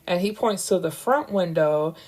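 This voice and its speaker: A woman's voice: on the low side, expressive, normal speed, darkish tone. A woman recapping a novel in a casual, candid way, swearing freely and tossing in wry asides. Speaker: book reviewer recapping a novel. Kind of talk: casual spoken book recap.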